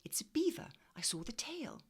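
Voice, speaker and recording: Woman reading as a steady boy leader. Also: sits high, moderate pace, breathy edge, whispered, voice pushed up, heavily acted. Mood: cautious.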